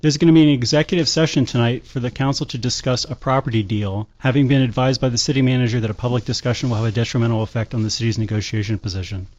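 A man talks quickly and jokily in a rambling, storytelling way as he co-hosts a casual podcast. His voice has a middling pitch and comes through dull, lo-fi audio recorded in a basement studio. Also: fairly even intonation, a little mellow. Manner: fast, rambling, jokey storytelling. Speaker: podcast co-host. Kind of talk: casual local-politics chat. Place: basement studio with a large dog.

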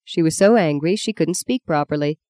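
An audiobook narrator reads a novel in an even, unhurried storytelling style. The voice is mid-range, recorded in clean studio sound with no echo.

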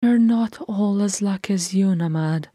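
A woman reader voicing a reserved young singer who speaks quietly and guardedly in a fan-read audiobook. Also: mid-range voice, a little slow, no echo, clean studio sound, voice pushed up, close to an everyday voice. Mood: wistful.

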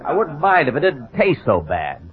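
A man's voice: a little high, wildly swooping pitch, normal speed, a faint crowd. A man playing a sick, exasperated comic lead with a cold, in 1940s radio comedy style. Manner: exasperated, fussy complaining. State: sneezing with a cold. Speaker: comedian, star of the show. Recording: dull old radio broadcast with audience.

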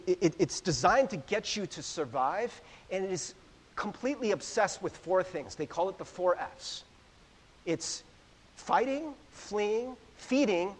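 A man delivers a sermon in a high, husky voice that rises and falls widely. He is animated and jokey, and he keeps throwing questions at his listeners. His voice rings out with a long echo, as in a large hall. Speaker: preacher. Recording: echoey hall.

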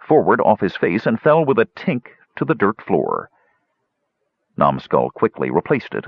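A man narrating a fantasy audiobook in an expressive storytelling manner. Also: fairly low pitch, slightly rough, dry recording, muffled recording.

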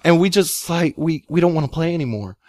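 A young man telling a long story in casual chat, rambling and excitable, with many fillers. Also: fairly high pitch, a little fast, no room sound, studio quality. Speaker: guest storyteller.

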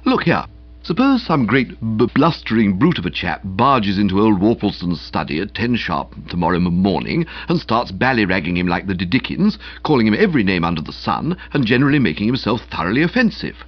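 A man voicing an eager, excitable young gentleman friend who lays out schemes in an emphatic, breathless rush, in an audiobook. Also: lowish voice, brisk, lo-fi sound. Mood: explaining. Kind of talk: audiobook character voice.

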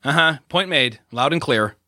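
A man's voice: on the high side, expressive, bright, forceful tone, no room sound, clean studio sound. A man doing a nervous, cautious teenage boy. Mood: worried. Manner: nervous, hurried.

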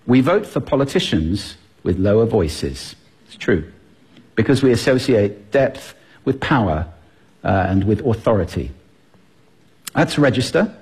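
A man speaks from a stage with a very husky, breathy voice. His pitch swoops up and down constantly as he plays with his delivery to show his points. He sounds lively and playful, like a seasoned public speaker. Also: a little slow. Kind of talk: stage talk to a live audience. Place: stage before an audience.

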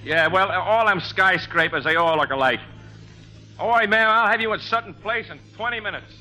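An actor playing a gruff, proud New cab owner-driver, brusque and scornful, in 1940s radio acting. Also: male voice, high voice, normal speed, lightly acted, low-quality recording. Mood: sly.

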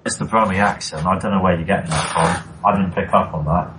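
A man's voice: low voice, steady tone, quick pace, a crowd in the background, rough recording. A man co-hosting a casual chat show, arguing his points in a dry, matter-of-fact way. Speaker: podcast co-host.

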